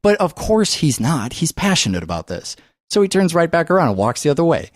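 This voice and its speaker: A man co-hosting a podcast in a studio, talking about movies in a casual, animated way and swearing freely. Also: fairly high pitch, a little fast, no room sound. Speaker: podcast co-host. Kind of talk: casual film chat.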